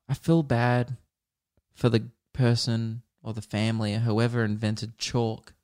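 A man's voice: mid-range voice, little pitch movement, measured pace, darkish tone. Rambling man, podcast host. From Australia. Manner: rambling, swears often, laughs at his own stories. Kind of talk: casual solo podcast chat.

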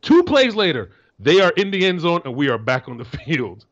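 A man co-hosting a casual sports talk show, telling animated stories and often restarting his sentences. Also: fairly high pitch, a little fast, muffled recording. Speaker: co-host, former NFL defensive tackle.

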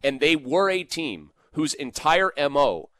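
A man co-hosting a sports talk show, arguing his points in animated casual debate and often saying "like". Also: fairly high pitch, a little slow. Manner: argumentative, animated, fond of "like".

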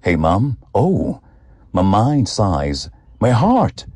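Low, husky man reading slowly. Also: no room sound, clean studio sound. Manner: slow, deliberate, expressive delivery. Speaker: guest reader. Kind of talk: emotional reading of a personal essay.

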